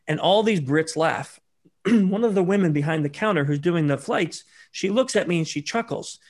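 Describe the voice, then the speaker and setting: A man's voice: on the high side, moderate pace. A man being interviewed as a social engineer and author, telling stories with animation and acting out the people he quotes. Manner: animated, acts out quoted dialogue. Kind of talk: interview storytelling.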